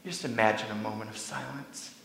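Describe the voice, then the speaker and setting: Man, sermon, animated storytelling, bright voice, echoey hall. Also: fairly low pitch, fairly quick, creaky, a little hiss or hum. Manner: animated storytelling, acting out quoted lines, drops to a whisper. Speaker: pastor.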